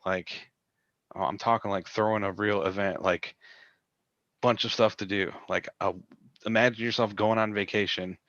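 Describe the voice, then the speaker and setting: A man talking casually as a guest, animated, filling his talk with "like". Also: fairly low pitch, dry recording, highs cut off. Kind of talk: casual chat.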